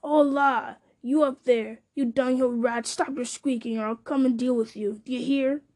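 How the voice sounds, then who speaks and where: Woman playing a nasty orc guard, snarling threats, mellow voice, storybook reading. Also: high-pitched, steady tone, normal speed. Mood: threatening. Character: snarling cruel male orc jailer.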